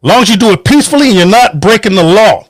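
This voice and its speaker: A man's voice: high voice, lively intonation, fast, no echo, clean studio sound. A man hosting a podcast, giving a heated, profane, emphatic political rant from home. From United States. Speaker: podcast host. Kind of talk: angry political monologue.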